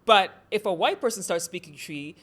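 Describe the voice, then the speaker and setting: A woman born in Ghana hosting an interview, talking in an animated, storytelling way. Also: medium pitch, normal speed. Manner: animated, storytelling, rising emphasis. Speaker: host. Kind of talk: casual interview chat.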